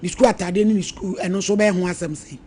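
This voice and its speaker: A man's voice: high-pitched, flat delivery, fast, darkish tone, slight background noise. A male radio host mediating a family dispute on air, probing and questioning the caller. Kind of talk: radio talk show mediation.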